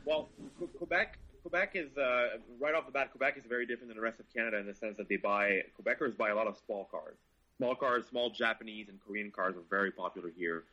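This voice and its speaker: A man's voice: on the low side, fast talker, sharp tone, slightly rough, lo-fi sound. A man who writes about cars, chatting casually and swearing eagerly in a podcast conversation. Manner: enthusiastic, swears freely. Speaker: car journalist guest.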